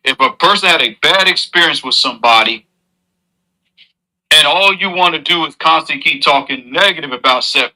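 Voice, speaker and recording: Man, very bright ringing voice, earnest, moralizing, lecturing streamer. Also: a little high, rough recording. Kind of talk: preachy advice monologue.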